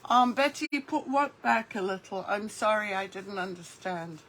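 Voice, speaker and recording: A woman's voice: mid-range voice, lively intonation, normal speed, a bit bright, poor audio. A woman hosting a casual craft livestream, chatting and greeting viewers by name as she works. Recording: faint background noise.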